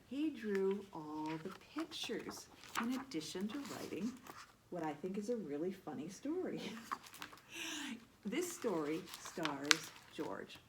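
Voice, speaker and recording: A woman librarian leading a children's story time, reading aloud in an animated way with a Midwestern American accent and asking the children questions. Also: fairly high pitch, background noise.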